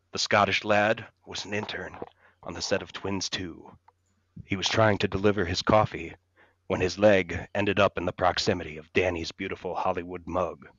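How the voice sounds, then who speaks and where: A man's voice: low-pitched, fairly bright tone, no room sound. A man co-hosting a podcast, reading a comedic story aloud in a mock-serious storytelling manner. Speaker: podcast co-host. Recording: dull lo-fi mic.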